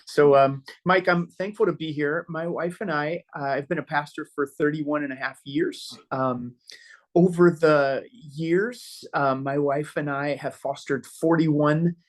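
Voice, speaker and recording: A middle-aged man, a pastor guest on a podcast, telling stories casually and acting out quoted dialogue with many filler pauses. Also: a little high, fairly even intonation. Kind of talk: casual storytelling conversation.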